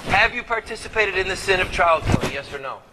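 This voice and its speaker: A man's voice: high voice, animated, fast, background noise. A man giving an impassioned speech to a live audience, preaching and firing rhetorical questions at the crowd. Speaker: activist speaker.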